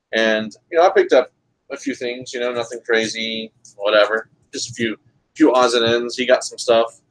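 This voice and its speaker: A man's voice: medium pitch, fairly bright tone, low-quality recording. Laid-back man hosting a comics chat. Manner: laid-back, jokey, reads out chat comments. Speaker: podcast co-host. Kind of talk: casual chat.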